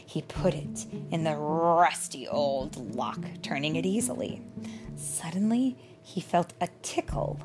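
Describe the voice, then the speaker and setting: A woman reading a children's storybook aloud in an expressive way, with dramatic pauses and the odd question to young listeners. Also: low voice.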